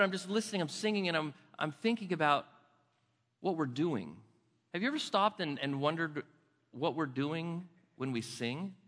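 An older man preaching a sermon as pastor in a church, conversational and full of restarts, dropping soft and slow for emphasis. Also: on the high side, big-room sound. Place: church sanctuary.

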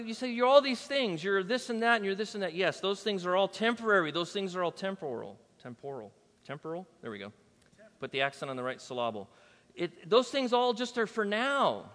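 A man's voice: mid-range voice, a bit bright, big-room sound. A man preaching a sermon as pastor, talking casually and bantering with his congregation.

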